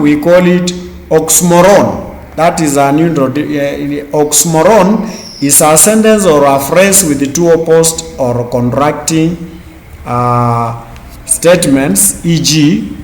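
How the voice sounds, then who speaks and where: A man teaching a class, speaking slowly and deliberately, repeating key terms and spelling words out letter by letter. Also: fairly high pitch. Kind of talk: classroom lecture. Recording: echoey room with long reverb.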